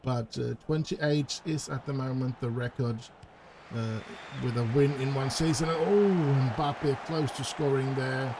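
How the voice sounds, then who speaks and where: A gaming YouTuber offers casual let's-play commentary on a football management game, chatty and hesitant but bursting with excitement at goals and perking up when chances come. His medium-pitched voice runs a little slow over background noise.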